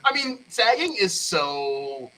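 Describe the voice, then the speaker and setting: A man hosting a live-stream interview, asking halting questions and giggling often. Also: sits high, very animated, bright, forceful tone, rough recording.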